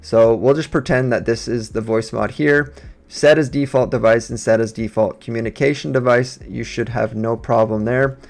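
Man streamer, casual tutorial walk-through, plain mid-pitch voice, USB desk mic. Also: fairly even intonation, moderate pace, creaky. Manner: casual step-by-step instructions. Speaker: gaming streamer. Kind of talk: software setup tutorial. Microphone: USB desk microphone.

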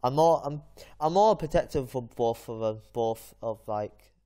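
A man's voice: mid-range voice, unhurried, warm tone. Rambling man telling a story. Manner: rambling anecdote full of fillers and restarts. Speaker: gaming channel host. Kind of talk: casual chat while gaming.

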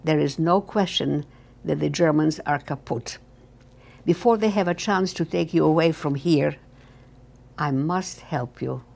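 An older woman reading the lines of a young male German guard who speaks to her in a low, hushed and urgent voice. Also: measured pace, vocal fry, exaggerated voice.

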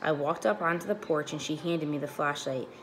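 A woman teacher reading a children's chapter book aloud to her class, clear and expressive. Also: deep voice, fairly quick, slight background noise.

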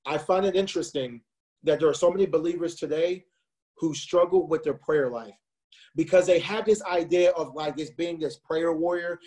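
A man's voice: high voice, brisk, darkish tone. A man in his twenties preaching with passion to young people over a video call, often saying "listen to me". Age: 20s. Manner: impassioned, repeats "listen to me". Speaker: youth speaker.

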